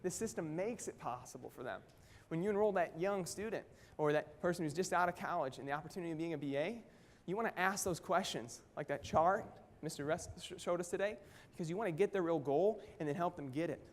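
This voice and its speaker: A man with a high-pitched voice gives a lively stage presentation, throwing question after question at the crowd. His voice carries a long hall reverb, as if heard across a large event room. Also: fast. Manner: energetic, keeps quizzing the audience. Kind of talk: motivational stage talk.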